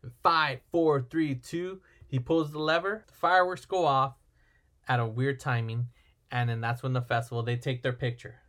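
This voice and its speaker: A man in the middle of his register, recapping a movie in a loose, rambling podcast chat. He keeps breaking into quick impressions of the characters' lines as he goes. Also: medium pitch, fairly even intonation, fairly bright tone. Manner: rambling storyteller, acts out film lines. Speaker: podcast co-host.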